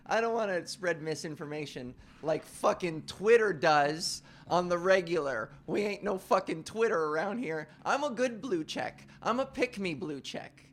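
A man co-hosting a podcast, talking casually with profane, joking, animated rants. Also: high voice, a little slow, few pauses. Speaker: podcast co-host. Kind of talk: casual comedic chat.

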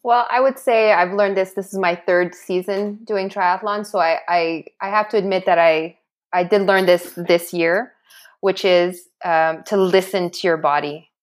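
A woman's voice: fairly low pitch, fairly even intonation, measured pace. A middle-aged woman, a guest in an interview, telling a story animatedly and often restarting her sentences. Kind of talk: casual interview talk.

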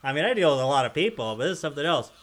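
A man's voice: a little high, very animated, rapid-fire, a bit bright. Male podcast host, conversational, rambling storyteller, laughs often. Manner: rambling storytelling with frequent chuckles. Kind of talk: casual podcast chat.

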